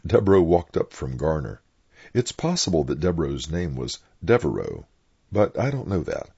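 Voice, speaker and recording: Older man, very low voice, lively swings in pitch, husky, blunt opinionated storyteller, oral history reminiscence, muffled lo-fi recording. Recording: dull lo-fi recording.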